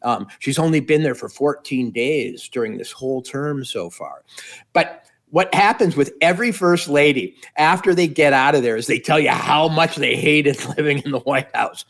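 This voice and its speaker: A man's voice: a little high, expressive, normal speed, creaky, fairly bright tone. A middle-aged man giving political commentary as a guest, wry and meandering, piling up repeated phrases.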